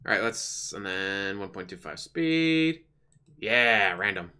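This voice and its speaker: A man's voice: on the low side, animated, takes it slowly, sharp tone, clean tone. A man giving casual, sarcastic, mocking commentary on a live stream.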